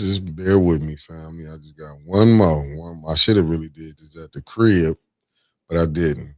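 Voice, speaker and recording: A man's voice: a bass voice, normal speed, darkish tone, dry recording. A man hosting a casual live stream, greeting viewers by name and calling them family and beloved while he sets up sharing.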